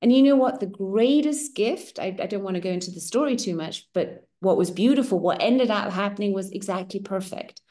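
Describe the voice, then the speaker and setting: Woman, middle-aged, German native, circle host, personal storytelling, candid, expressive, mid-pitched voice. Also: a little fast, hardly any pauses. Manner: candid, expressive, often adds "right?".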